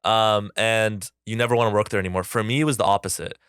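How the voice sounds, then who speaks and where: A man's voice: on the low side, steady tone, quick pace, a bit bright, smooth, no room sound. Curious man hosting a podcast, dry sound. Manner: curious, asks questions with frequent "like" fillers. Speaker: podcast host. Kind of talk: casual chat. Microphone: headset.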